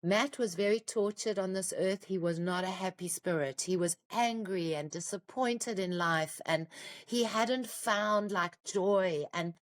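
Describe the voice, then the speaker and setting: A woman's voice: medium pitch, measured pace. A middle-aged woman, an author and podcast guest, telling a raw, heartfelt personal story, close to tears at times.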